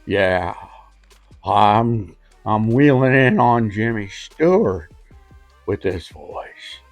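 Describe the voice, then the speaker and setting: A man doing a slow, hesitant, folksy drawl as an old-time male film star. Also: lowish voice, animated, no room sound, faint music behind, heavily acted.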